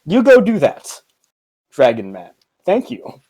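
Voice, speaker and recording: A woman voicing a blunt adult male town guard, deadpan and dropped low. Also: takes it slowly, full character voice.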